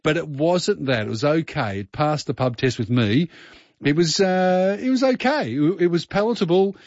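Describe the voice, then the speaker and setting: A man's voice: a little high, animated, moderate pace, a little mellow, no echo. Male radio host, rambling and chatty, dry slightly dull sound. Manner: rambling, chatty, thinking aloud. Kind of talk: casual radio chat.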